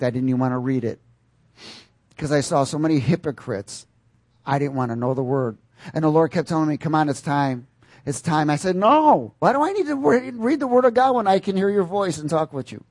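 A man gives a spirited sermon, calling out questions to the congregation and punctuating it with loud bursts. His voice sits at medium pitch, and there's no room sound at all.

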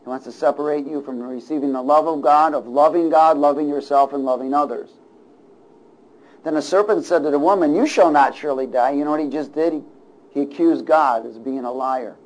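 A male pastor preaching a sermon, throwing call-and-response asides to his congregation and chuckling between points as he moves from hushed remarks to loud declarations. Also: a little high, a little fast, rough recording.

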